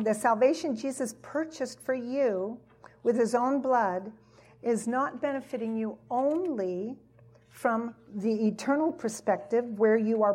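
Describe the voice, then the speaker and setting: Woman preacher, higher voice, breathy, deliberate, leans on repetition. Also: a little mellow. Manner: emphatic, repeats key phrases. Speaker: Bible teacher. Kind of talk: teaching sermon.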